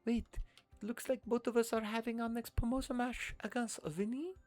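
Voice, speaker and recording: A man voicing an eager young female trainer from a game, raising his voice noticeably higher. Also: steady tone, normal speed, soft background music. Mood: curious.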